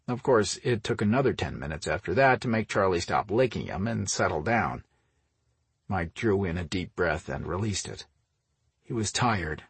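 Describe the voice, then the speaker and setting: A male audiobook narrator reading in a steady, even storytelling manner. His voice is low and husky. It is recorded dry and close, with no room sound. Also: no room sound. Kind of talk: scripted narration.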